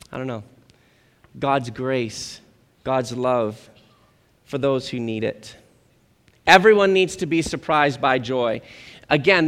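A man preaching a sermon as pastor, lively and animated, acting out quotes of the people he talks about. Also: on the high side. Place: church sanctuary. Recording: church hall with long reverb.

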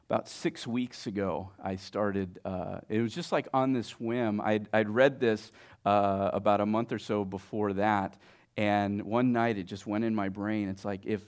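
A man in his thirties preaching a sermon as a pastor, telling stories conversationally and swinging from booming lines to hushed, near-whispered ones. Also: steady tone, a little slow. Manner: conversational, many fillers like "like" and "right".

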